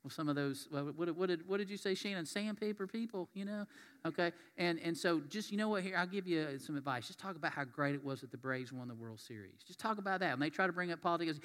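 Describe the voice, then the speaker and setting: Folksy preacher in a hall. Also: male voice, a little high, animated, fast, bright, forceful tone. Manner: folksy, conversational, reads scripture aloud. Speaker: pastor. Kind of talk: sermon. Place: church sanctuary.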